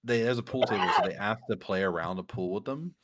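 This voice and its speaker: Man with a lower voice telling a story among friends, animated and laughing often. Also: fast talker, slight background noise. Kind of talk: casual chat.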